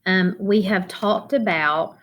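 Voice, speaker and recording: A middle-aged woman teaching a children's phonics lesson, slowly and deliberately spelling out letters and syllables. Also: mid-range voice, a bit bright.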